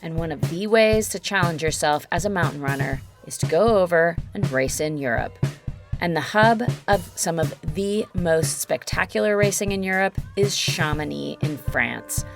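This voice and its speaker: A woman host reads scripted narration in a measured, informative way. Her voice sits very low with a gravelly edge, and guitar music plays under her. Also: lively intonation. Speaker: podcast host. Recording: narration over a music bed.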